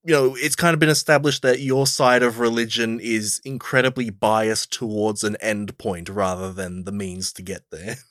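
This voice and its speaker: A low-voiced Australian man talks through a film on a podcast. He is relaxed and agreeable and chuckles between his points. The sound is dry and close. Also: normal speed, no room sound. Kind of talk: casual film review chat.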